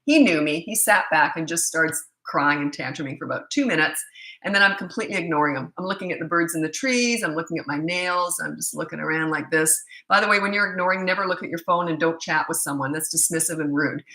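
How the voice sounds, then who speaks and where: A middle-aged woman gives parenting advice in a blunt, animated way, acting out the people in her stories. Her voice is bright and forceful. The echo of a roomy space hangs around it. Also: low-pitched, fast talker. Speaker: parenting coach. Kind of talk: casual storytelling advice talk.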